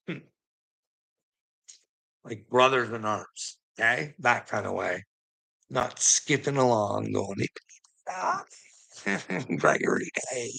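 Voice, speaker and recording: Man, livestream host, slow unhurried talk, gravelly, teasing preachy tone, frequent laughs. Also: fairly low pitch, bright, forceful tone, low-quality recording. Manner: teasing, laughs often between lines; preachy, addresses a viewer directly. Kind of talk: rambling live-stream chat.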